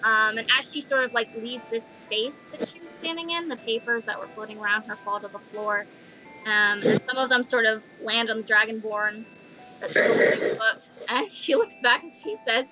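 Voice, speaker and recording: A woman's voice: a little high, moderate pace, pushed and bright, muffled recording, faint music behind. A woman narrating as game master of a tabletop role-playing game, chatty and full of ums.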